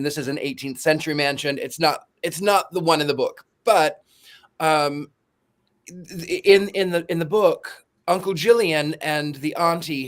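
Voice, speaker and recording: Man explaining eagerly, fairly high voice. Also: a bit bright. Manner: enthusiastic explainer who talks in long asides. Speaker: podcast co-host. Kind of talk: casual chat.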